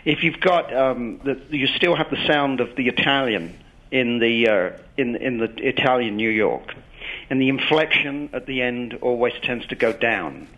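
An English man in his fifties, an actor being interviewed, talking haltingly with many restarts and dry self-mocking humour. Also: mid-range voice, a bit bright, lo-fi sound. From England. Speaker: actor guest. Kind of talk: radio interview chat.

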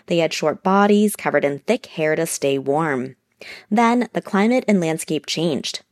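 Measured woman reporter, low-pitched. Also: animated. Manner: measured, explanatory delivery. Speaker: science reporter. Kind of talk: scripted news narration.

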